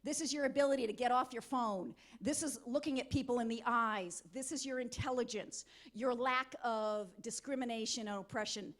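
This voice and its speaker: Woman, high voice, motivational speaker, lively, conference talk, middle-aged. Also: normal speed. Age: middle-aged or older. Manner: energetic, coaxing audience volunteers. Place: conference hall.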